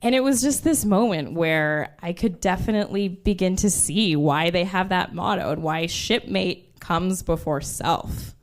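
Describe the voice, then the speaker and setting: A woman in her twenties telling a true story on stage, animated and laughing as she goes. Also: fairly low pitch, measured pace, few pauses. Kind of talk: live storytelling.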